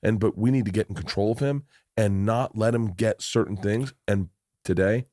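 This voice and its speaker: Swearing, rambling podcast host, deep voice. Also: male voice, moderate pace, mellow, no room sound, clean studio sound. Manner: rambling storytelling with frequent restarts and swearing. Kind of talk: casual chat.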